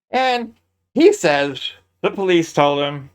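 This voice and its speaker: A man's voice: on the high side, lively intonation, drawn-out words, pauses often, clear, resonant tone. A man giving sarcastic, incredulous commentary on a crime case, talking close to a mic. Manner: sarcastic, incredulous, laughs often. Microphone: close mic, peaking.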